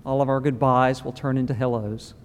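A man preaching a funeral sermon in a church, solemn and measured, with slow pauses. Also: mid-range voice, fairly even intonation. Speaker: pastor. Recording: long reverb of a large hall.

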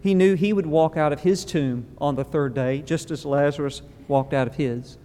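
A man preaching a funeral sermon in a church, solemn and measured, with slow pauses. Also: on the high side, mellow. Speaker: pastor. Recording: long reverb of a large hall.

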